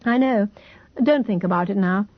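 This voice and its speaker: Calm protective man, steady and reassuring, voiced by a woman reader, lo-fi audiobook. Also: mid-range voice, normal speed, dry recording, close to an everyday voice. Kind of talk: audiobook character voice.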